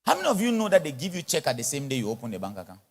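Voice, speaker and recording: A man's voice: a little high, very fast. A man preaching a sermon at a conference, speaking with an influence and acting out little dialogues. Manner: animated, mixes in pidgin English and acted-out dialogue. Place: large church or conference hall.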